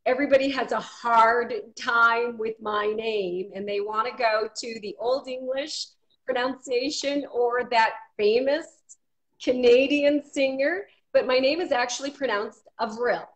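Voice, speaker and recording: A woman's voice: a little high, unhurried, poor audio. A woman from Maine, a guest on a live video call interview, chatty and greeting viewers by name. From Maine, USA.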